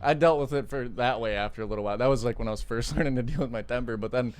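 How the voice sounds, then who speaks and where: A young man chats on a podcast at a middle pitch. He tells his stories in an animated way, laughing as he goes. His delivery stays loose and conversational. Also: rapid-fire, clear, resonant tone. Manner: animated storyteller who laughs while talking. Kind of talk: casual podcast chat.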